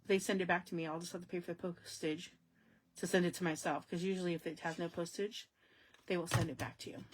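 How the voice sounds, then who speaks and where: A woman hosting a casual crafting live stream, talking straight to her viewers with sudden loud exclamations and hushed asides. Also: mid-range voice, slight background noise.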